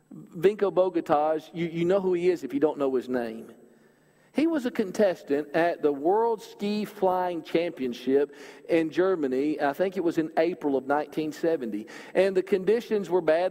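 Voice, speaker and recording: A male preacher giving a sermon in a church, earnest, speeding up and swelling through scripture readings and dropping low and soft on key points. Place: church auditorium. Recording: hall reverb.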